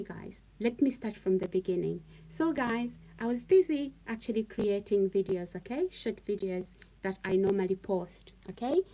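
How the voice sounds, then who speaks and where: A woman's voice: medium pitch, warm tone, poor audio. A woman talking on a live stream to her viewers, emphatic and repetitive, often checking in with "okay?". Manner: emphatic, repeats phrases, frequent "okay?".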